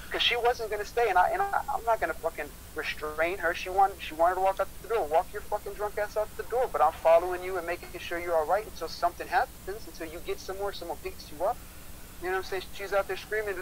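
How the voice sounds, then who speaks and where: A man's voice: high-pitched, slight background noise, low-quality recording. A man telling a heated story on a casual livestream chat, swearing often and repeating himself. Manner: profane, heated, fast-talking.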